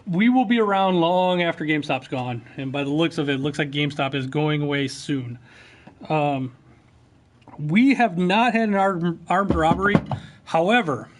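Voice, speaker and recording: A man's voice: fairly high pitch, moderate pace. A man who owns a game store, chatting casually on a livestream from his shop counter, answering viewers in an offhand way. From Ohio, USA. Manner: relaxed, offhand, answers chat questions. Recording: noisy store recording.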